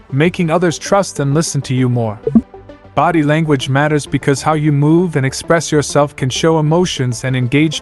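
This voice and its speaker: A man giving a scripted narration in a measured, announcer-like way, walking through numbered points. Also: fairly high pitch.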